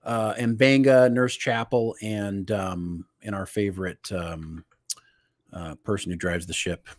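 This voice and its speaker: A man's voice: lowish voice, fairly even intonation, slow. A man co-hosting a casual pop culture podcast, walking through an episode step by step with frequent restarts. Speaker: podcast co-host.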